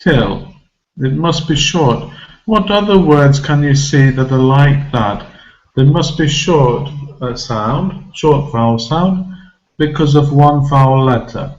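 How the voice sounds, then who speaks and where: A man teaching English pronunciation, talking slowly and deliberately at a mid pitch. He repeats key words to drive them home, and the recording sounds a little muffled. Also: darkish tone. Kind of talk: pronunciation lesson. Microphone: recorded for a video lesson.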